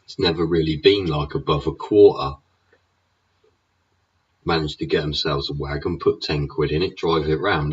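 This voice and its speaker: Brief: low-voiced bloke, husky, sweary rant, dull lo-fi sound. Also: male voice, fairly even intonation, normal speed, pauses often. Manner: swears constantly, rhetorical tags like "innit" and "yeah". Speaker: show host. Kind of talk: profane ranting monologue. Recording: dull lo-fi recording.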